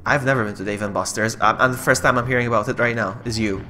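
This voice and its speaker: A man streaming a game live, chatting to viewers and yelping or shouting when something startles him. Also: medium pitch, steady tone, quick pace. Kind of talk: live let's-play commentary. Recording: game music playing underneath.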